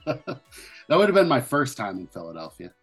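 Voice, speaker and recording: A man's voice: mid-range voice, big pitch swings, moderate pace, slightly rough, faint music behind. A young man co-hosting a casual comedy podcast, laid-back and laughing often. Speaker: podcast co-host.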